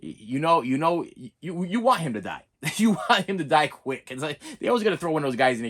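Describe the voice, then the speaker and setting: A man's voice: on the high side, very animated, a little fast, a bit bright. A man casually reviewing horror movies on a vlog, rambling with many restarts and repeats, laughing often and checking in with "okay?".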